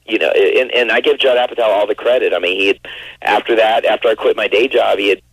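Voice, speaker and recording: A man's voice: on the low side, steady tone, fast talker, slightly rough, no echo, low-quality recording. A man in his forties, a guest actor, chatting in an interview with many restarts and fillers. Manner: rambling, full of restarts and you-knows. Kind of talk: casual interview chat.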